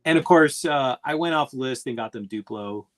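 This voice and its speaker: A man's voice: mid-range voice, normal speed. A man co-hosting a casual talk show, dry and teasing as he tells stories. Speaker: podcast co-host. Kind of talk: casual chat.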